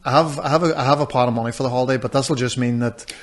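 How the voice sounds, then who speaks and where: A man's voice: mid-range voice, racing. A man, telling stories in a casual podcast chat and swearing freely. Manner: swears a lot, storytelling. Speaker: podcast co-host.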